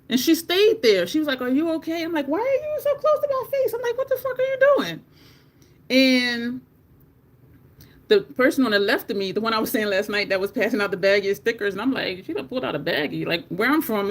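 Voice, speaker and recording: Makeup in progress, the beauty vlogger spins a story with plenty of energy and plenty of swearing. Her casual chatter jumps to squeaky highs each time she quotes what she said.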